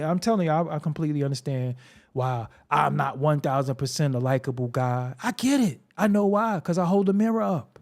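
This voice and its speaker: A man's voice: on the high side, fairly quick, darkish tone. A man hosting a solo hip-hop commentary show, talking bluntly and profanely, with a confrontational, preaching manner. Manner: repetitive, preaching.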